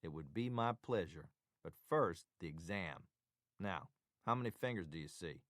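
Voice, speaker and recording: Guy reading as a teasing texas doc, drawly and loud, dry sound. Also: deep voice, expressive, moderate pace, no room sound. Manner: teasing, wisecracking. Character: joking male doctor, old friend, Texas drawl.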